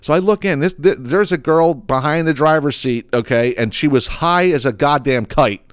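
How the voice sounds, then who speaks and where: A man's voice: fairly high pitch, moderate pace, smooth, dry recording, studio quality. A man who tells a story casually and with lots of swearing, acting out what people said. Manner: profane, animated storyteller who acts out quotes. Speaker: podcast host.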